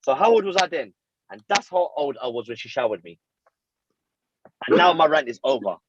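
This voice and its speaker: A man, co-hosting a casual chat and telling a story with lively, self-mocking slang. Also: medium pitch, brisk, husky, dry recording, muffled recording. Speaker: podcast co-host.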